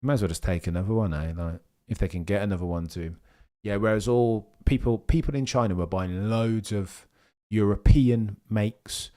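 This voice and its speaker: A man's voice: lowish voice, moderate pace, dark tone. A man hosting a casual livestream, reading viewer comments and chatting about the topic in a rambling way.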